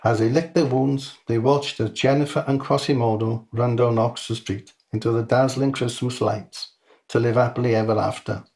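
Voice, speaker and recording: A man reads his own comic short story aloud. His delivery is dry and deadpan, with a voice of middling pitch. He tells it plainly and lets the jokes land on their own. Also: normal speed.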